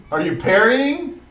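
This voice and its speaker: A man narrating as game master of a tabletop game, describing scenes with pauses and fillers. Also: very high-pitched, a bit bright. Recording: roomy room, mic far off.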